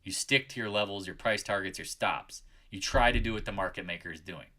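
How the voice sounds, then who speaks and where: A man's voice: lowish voice, a little fast, pushed and bright. A man hosting a live market chat, scolding his viewers and raising his voice as he rants. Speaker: trading channel host.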